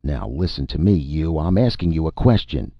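A contemptuous middle-aged major barking brusque questions in a very deep, gravelly voice, voiced by a male reader. He sounds impatient and used to command. The recording is dry and dull. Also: huge pitch swings, moderate pace, no echo, full character voice. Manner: brusque and demanding.

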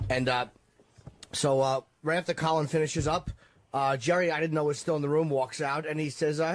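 A man's voice: a little high, fairly even intonation, a little fast. A man co-hosting a radio show, swearing freely and defending himself while telling a story in casual studio banter. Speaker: radio show co-host and comedian.

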